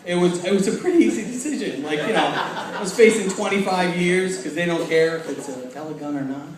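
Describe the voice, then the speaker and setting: A young man doing stand-up, telling self-mocking stories and acting out quick quotes. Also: high voice, crowd noise. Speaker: stand-up comedian. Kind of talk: stand-up comedy. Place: large hall with a laughing audience. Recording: echoey hall taped from far off.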